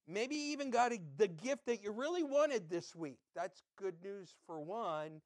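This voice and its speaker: Chatty higher-voiced man preaching a sermon. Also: animated, unhurried, no room sound. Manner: conversational, quizzing listeners with quotes. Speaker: pastor.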